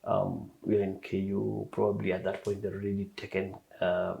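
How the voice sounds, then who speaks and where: Man, middle-aged, podcast host; gravelly, mellow voice, unhurried questions dotted with fillers. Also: deep voice, level tone, dull audio. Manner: measured questions with frequent ums and uhs. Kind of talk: interview.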